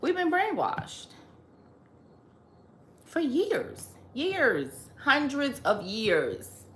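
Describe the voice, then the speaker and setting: A woman delivers an emphatic opinion monologue with a lively, swooping pitch and an unhurried pace. She lectures her listeners and hammers each point by repeating it. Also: reverberant, slight background noise. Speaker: host.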